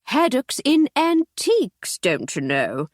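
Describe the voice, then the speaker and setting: A hearty old country gentleman, as a woman reader puts him on blusters through every line. He sounds high, lively and a little breathy, recorded dry and close. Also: slow, dry recording, full character voice. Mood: jovial. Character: bluff jovial elderly male aristocrat.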